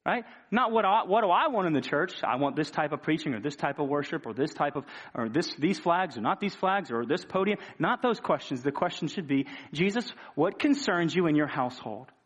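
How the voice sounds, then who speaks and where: A man's voice: fairly high pitch, lively intonation, brisk, few pauses. A man preaching a sermon with passion, asking rhetorical questions and repeating his words as he builds each point. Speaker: pastor.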